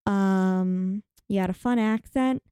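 A woman recapping a horror movie in casual chat, animated and dramatic, acting out the characters' lines. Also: medium pitch, slow, clean tone, dry recording, studio quality.

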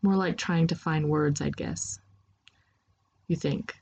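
Lady reading a second person story, lower voice, steady pace. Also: slow, creaky, husky, dull audio. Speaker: narrator.

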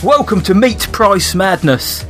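A man's voice: high voice, animated, unhurried, fairly bright tone, faint music behind. A young man co-hosting a podcast in casual, laughing banter. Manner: jokey, laughs often, banter. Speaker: podcast co-host. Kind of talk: casual chat.

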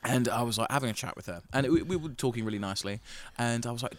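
A man's voice: mid-range voice, racing. A young man telling a self-mocking story in casual chat, laughing often and acting out quoted voices. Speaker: podcast co-host telling a story.

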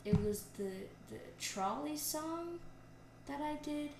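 A woman's voice: sits high, animated, takes it slowly, creaky. Young female co-host, chatty rambling storyteller; echoey room, faint background hiss. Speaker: podcast co-host. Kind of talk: casual chat. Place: indoors, TV on nearby.

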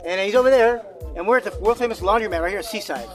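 A man's voice: high voice, racing, soft background music. A man hosting a casual podcast from a laundromat, hamming it up like a big-time show announcer. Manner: mock announcer voice, loud and showy. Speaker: host.

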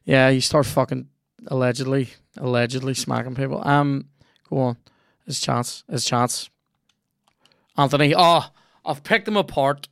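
A man chats casually while playing a video game, swearing freely and reacting out loud to the match. His voice is gravelly and sits at an ordinary middle pitch. The sound is close and dry. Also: fairly even intonation, measured pace, long pauses, dry recording. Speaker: podcast host.

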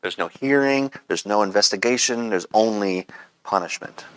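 A man preaching a sermon as pastor, in a relaxed, conversational way with frequent pauses. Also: lowish voice, smooth, no room sound, rough recording.

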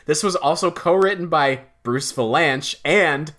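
A man co-hosting a movie review podcast in casual chat, animated and quick to laugh. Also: a little high. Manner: animated, laughs often, exaggerated groans. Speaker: podcast co-host.

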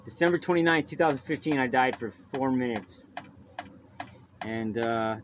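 A man's voice: medium pitch, normal speed. A man hosting a solo podcast from home, rambling loosely and swearing constantly. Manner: profane, rambling, loose and casual. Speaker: podcast host. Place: at home, by a baby monitor. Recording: dull lo-fi audio with noise.

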